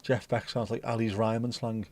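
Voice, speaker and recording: A man's voice: on the low side, flat delivery, moderate pace, darkish tone. A middle-aged man hosting a casual livestream and chatting in a playful, cheeky, rambling way. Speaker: livestream host.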